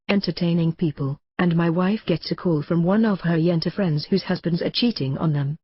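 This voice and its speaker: Low husky woman reading a wry memoir. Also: dry recording. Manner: wry, blunt storytelling. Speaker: audiobook narrator. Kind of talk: first-person memoir reading. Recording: dull lo-fi recording.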